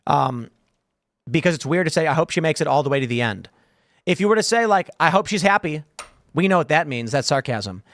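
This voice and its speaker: Man, podcast host, casual panel chat, animated, dry close sound. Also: on the high side, fairly quick, dry recording. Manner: animated, reads viewer comments aloud.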